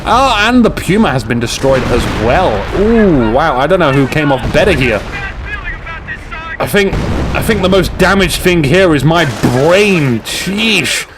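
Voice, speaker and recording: A man shoutcasting a strategy game, excitable and jokey, with rambling asides to his viewers. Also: fairly high pitch, a little slow, background noise. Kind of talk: live game commentary.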